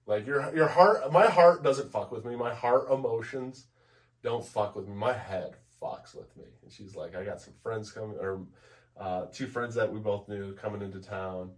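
A man co-hosting a podcast, telling a personal story in a blunt, profane, halting way, with many restarts. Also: fairly low pitch, recorded from a distance. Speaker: podcast co-host. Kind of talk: candid conversational storytelling.

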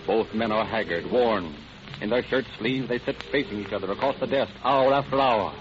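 A man narrating a radio crime drama in a measured, formal 1940s announcing style. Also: lowish voice, background noise. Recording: muffled old radio broadcast. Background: music.

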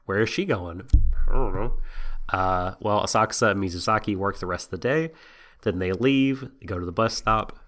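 A man's voice: fairly low pitch, moderate pace, fairly bright tone. A man co-hosting a podcast, casually recapping an anime episode with frequent laughs and many ums. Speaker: podcast co-host.

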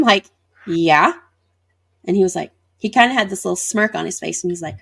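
A woman's voice: lowish voice, moderate pace, vocal fry, a bit bright, husky. A woman, a guest in an interview, recounting a personal experience and acting out what people said. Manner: vivid retelling with acted-out dialogue. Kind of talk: personal storytelling.

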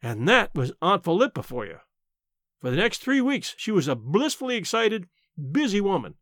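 A man reading a short story aloud in an expressive storytelling manner. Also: sits high, normal speed, no room sound, clean studio sound. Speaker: narrator.

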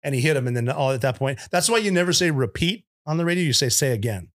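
Veteran male guest, slightly high voice, blunt and profane, lively anecdote teller. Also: fast. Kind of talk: casual war storytelling.

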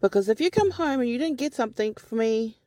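A woman's voice: a little high, lively intonation, fast talker, warm tone, no echo, clean studio sound. Chatty, teasing woman caller. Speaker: listener leaving voice message. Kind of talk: casual chat.

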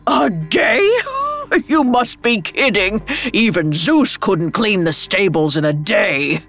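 Arrogant old king, scornful and loud, done by a woman narrator, slow storybook delivery. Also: animated, soft background music. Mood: mocking. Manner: scornful, booming laughter.

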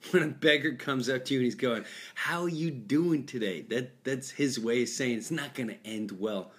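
Middle-aged guy chatting from a hotel room, rambly jokey stories, keeps restarting, average pitch. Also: moderate pace, a bit bright, breathy edge. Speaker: podcast host. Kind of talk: casual chat. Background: construction noise.

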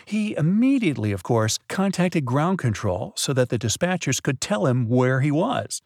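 A man's voice: medium pitch, sing-song, moderate pace, a little mellow, dry recording, clean studio sound. A man co-hosting a podcast, patiently telling a mystery story with dramatic build-ups. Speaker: podcast co-host. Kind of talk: casual storytelling chat.

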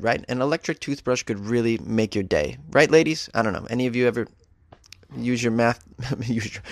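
A man's voice: on the low side, a bit bright, no echo, studio quality. A man hosting a comedic news podcast, reading stories and riffing on them with wry jokes. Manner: wry, joking, riffs on stories. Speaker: podcast host.

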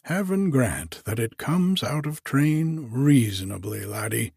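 A man's voice: mid-range voice, very animated, measured pace, creaky, husky, dry recording, studio quality, full character voice. A man reading aloud and voicing a breezy, chummy, overbearing hotel porter. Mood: jaunty. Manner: bright and chummy.

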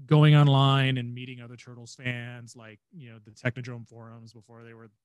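A man's voice: mid-range voice, steady tone, brisk, smooth, no echo. Chatty man with a dry close sound. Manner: chatty, rambling, with frequent fillers and restarts. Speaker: podcast co-host. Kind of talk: casual fan chat.

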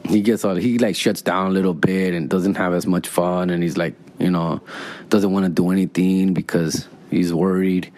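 A forty-year-old man rambles through a story, swearing freely and loaded with slang. His voice sits on the low side and stays loose and casual. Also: darkish tone, no echo. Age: 40s.

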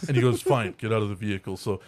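A young man hosting a casual podcast, telling an animated, profane story and acting out the people in it. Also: lowish voice, very fast. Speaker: podcast host.

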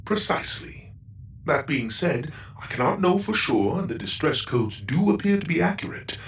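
A man's voice: a little high, sing-song, moderate pace, a bit bright, far from the mic, voice pushed up. A man voicing a polite, formal robot pilot with dry humor, heard with an intercom-like echo. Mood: cautious. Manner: formal and precise. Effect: echoey intercom sound.

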